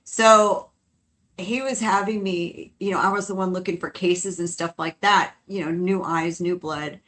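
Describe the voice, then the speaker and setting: A woman co-hosting a paranormal podcast, chatting casually, animated and laughing often between quick asides. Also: on the low side. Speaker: podcast co-host.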